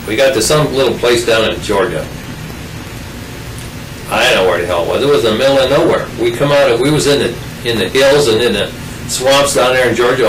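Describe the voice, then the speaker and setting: A man's voice: medium pitch, recorded from a distance, a little hiss or hum. An older man telling a rambling, folksy personal story in casual oral-history style, full of restarts and asides. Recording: roomy sound from off mic.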